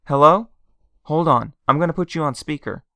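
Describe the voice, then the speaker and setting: A man voicing an anxious woman, an aunt who shouts into a phone and frets about her missing husband, as he reads a story aloud. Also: mid-range voice, steady tone, a little fast, gravelly, no room sound, lightly acted. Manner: anxious, cries out loudly.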